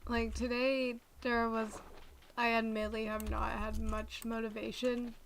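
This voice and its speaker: A woman's voice: fairly high pitch, little pitch movement, unhurried, gravelly, a little hiss or hum. A young woman streaming a game, chatting casually in a rambling way that often corrects itself. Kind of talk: casual chat while playing.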